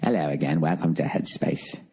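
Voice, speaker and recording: A man voicing a gentle male meditation guide with a British accent, speaking slowly and soothingly. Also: a bass voice, a little hiss or hum, pitched below the performer's own voice.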